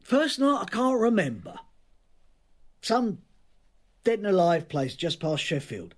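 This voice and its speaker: An evasive, defensive husband. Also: male voice, high-pitched, sing-song, unhurried, heavily acted. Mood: tense. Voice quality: terse, defensive. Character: evasive middle-aged husband, defensive and weary. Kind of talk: radio drama acting.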